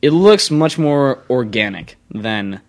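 A young man co-hosting a casual car chat show, opinionated and rambling, quick to argue his point. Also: medium pitch, very animated. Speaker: co-host.

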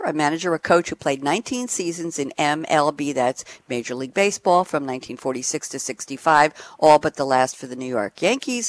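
A man's voice: fairly high pitch, a bit bright, no room sound. Chatty man moderating a panel. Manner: chatty, jumps between asides.

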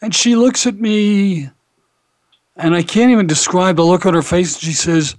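A man hosts a radio talk show and tells stories in an easy, anecdotal way. His voice sits a little high for a man. The sound is dry and close, with no room around it. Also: measured pace, no echo. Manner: warm anecdotal storyteller, animated when quoting others. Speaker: rabbi and radio show host. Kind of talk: casual radio talk and storytelling.

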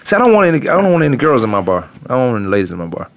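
Male sports talk host, quick, teasing, lively delivery. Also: medium pitch. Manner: joking, teasing, quick-talking. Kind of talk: casual banter.

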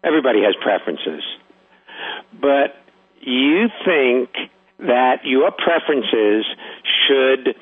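Lively calm man on a phone line. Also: mid-range voice, breathy edge. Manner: calm, instructive, measured. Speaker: host of a call-in show. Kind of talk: call-in talk show, spiritual advice.

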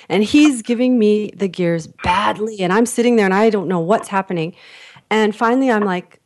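A woman's voice: medium pitch, moderate pace, darkish tone. A woman from Canada hosts an interview in a mid-range voice, chatting casually and laughing easily. She tells anecdotes and puts on voices for the people in them. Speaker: podcast host, interviewer.

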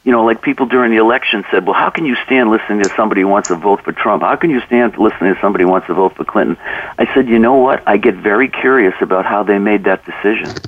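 A fairly low-pitched man talks earnestly in a radio interview, often replaying past conversations as he goes. The sound is dry and slightly muffled, and he sits a little back from the mic. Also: fast talker, no echo, recorded from a distance. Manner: earnest, acts out dialogue in anecdotes. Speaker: author and coach, interview guest.

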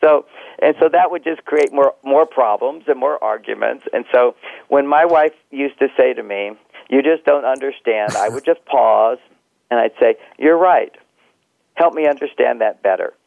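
A man's voice: medium pitch, moderate pace, creaky, no room sound. A middle-aged man who works as a relationship counselor gives advice in an interview, reflectively talking himself through examples and chuckling often. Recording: tinny phone-like line, dry.

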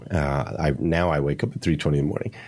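A man's voice: rumbling low, fast, darkish tone, breathy edge. A middle-aged man speaking as an interview guest, earnest and emphatic, repeating phrases for effect. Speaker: morning show host. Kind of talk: motivational interview talk.

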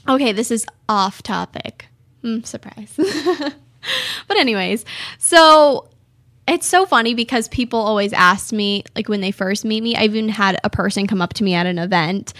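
A woman's voice: mid-range voice, lively intonation, moderate pace, fairly bright tone, no echo, studio quality. A teenage girl from California hosting her own radio show, chatting and rambling with frequent giggles. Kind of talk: casual solo talk show.

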